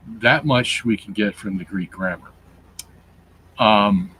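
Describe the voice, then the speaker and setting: A man with a somewhat low voice talks very slowly as he works through a scripture commentary and its Greek grammar. He explains deliberately, repeating words and using fillers as he goes. Faint background noise sits under his voice. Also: a bit bright, low-quality recording. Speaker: show host reading his Bible commentary.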